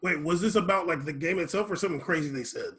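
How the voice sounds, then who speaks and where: A man's voice: a little high, racing, fairly bright tone. A man co-hosting a casual chat podcast, laid-back and full of fillers. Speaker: podcast co-host.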